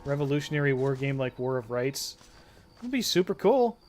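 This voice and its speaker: A man's voice: mid-range voice, sing-song, a little fast, darkish tone. A man chatting casually and swearing freely while streaming a video game. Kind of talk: casual gameplay commentary.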